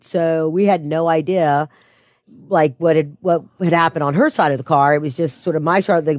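Animated woman telling a story. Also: low-pitched, dry recording, clean studio sound. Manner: animated storytelling, voice rising when quoting herself. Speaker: interview guest. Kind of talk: telling a personal story in an interview.

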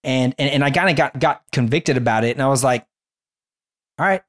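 A young man telling a personal faith story in casual chat, animated and rambling with many restarts. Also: medium pitch, fairly quick.

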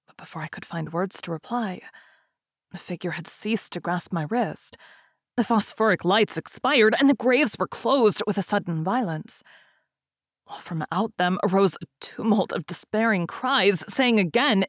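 A woman's voice: mid-range voice, lively intonation, moderate pace, slightly rough, no echo. Woman reading a gothic tale, dry. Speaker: reader.

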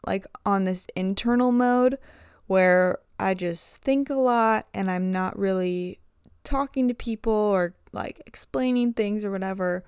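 A woman's voice: medium pitch, unhurried, darkish tone, smooth, no echo, clean studio sound. A young woman hosting a casual podcast monologue as a swim coach, chatty and full of "like" fillers.

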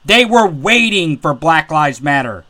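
A man's voice: fairly high pitch, big pitch swings, unhurried, sharp tone. A man giving an angry, profane political rant, heated and sarcastic. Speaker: political commentator.

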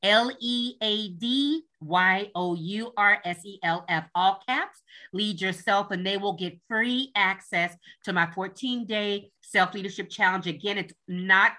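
A woman guest on an interview show, a leadership coach talking with upbeat enthusiasm and spelling things out slowly. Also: medium pitch, pushed and bright.

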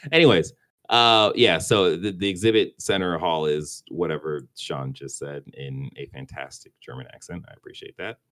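A man's voice: deep voice, steady tone, moderate pace, fairly bright tone. A man co-hosting a casual gaming podcast, rambling and stumbling over words, often restarting and laughing. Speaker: podcast co-host.

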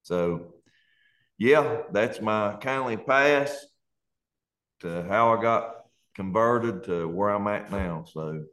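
A pastor with an Appalachian accent gives an emotional testimony as a guest, recounting his conversion with earnest fervor and colloquial grammar, at times close to tears. His voice is fairly low and a bit bright, and he speaks at a slow pace.

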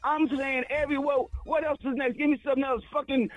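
High-voiced profane radio co-host man. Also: little pitch movement, fast, dry recording, phone-quality sound. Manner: profane, stammering restarts, punchy. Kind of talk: casual on-air rant.

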